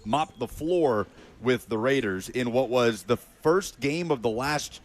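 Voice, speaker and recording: A man's voice: mid-range voice, expressive, measured pace. A man co-hosting a sports talk radio show, recounting stats and anecdotes in casual banter.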